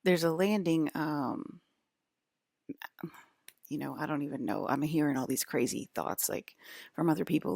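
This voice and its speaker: A woman's voice: deep voice, normal speed, vocal fry, long pauses, darkish tone, no echo, studio quality. A woman rambling to her viewers in a loose monologue, full of restarts and sudden topic drifts. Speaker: broadcaster.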